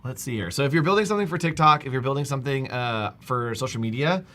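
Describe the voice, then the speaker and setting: A man hosting a live stream, casually walking viewers through a software demo step by step. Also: medium pitch, quick pace. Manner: casual, talks viewers through steps on screen. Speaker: livestream host.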